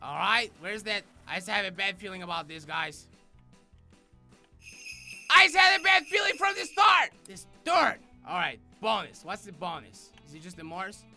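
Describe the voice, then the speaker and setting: A man giving excitable game commentary in deliberately broken English, often shouting and swearing, with music playing under his voice. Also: sits high. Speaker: gaming commentator. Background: background music.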